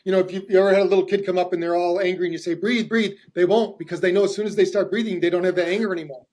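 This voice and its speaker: A man's voice: high-pitched, fairly even intonation, very fast, a little mellow. A middle-aged man hosting a podcast, explaining with enthusiasm in long run-on thoughts. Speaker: host, hypnotherapist. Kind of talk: casual podcast conversation.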